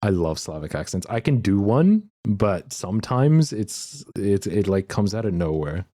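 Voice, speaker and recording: A young man livestreaming, chatting casually and excitably with viewers and reading chat aloud. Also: fairly low pitch, measured pace. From Australia.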